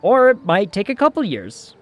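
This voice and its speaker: A man with a slightly high voice chats his way through a game stream, thinking out loud and joking with his viewers. He sits close to the mic, and the sound is dry with no room echo. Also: huge pitch swings, moderate pace, lo-fi sound. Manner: chatty, thinks aloud, jokes with chat. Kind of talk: casual game commentary.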